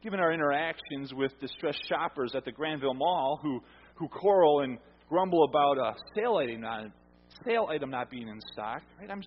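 A pastor preaches in a conversational style, putting questions to the congregation and repeating words as he goes. His voice is on the high side with a little hiss or hum, and the recording is muffled, captured in a reverberant hall.

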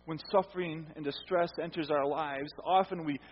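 A man delivers an earnest sermon in a husky, slightly high voice, repeating phrases for emphasis and letting his lines trail off quietly. The sound is dull and muffled, with a long reverb like a large hall. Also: fairly even intonation, moderate pace. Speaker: pastor.

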